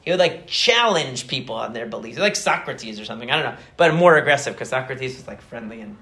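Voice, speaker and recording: A man's voice: mid-range voice, animated, fast talker, pushed and bright, roomy sound. A young man casually explaining psychology in a chatty, rambling way full of fillers.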